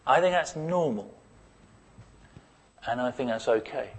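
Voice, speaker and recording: A man preaching a sermon, moving from loud cries to hushed asides. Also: medium pitch, expressive, unhurried, husky. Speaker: pastor.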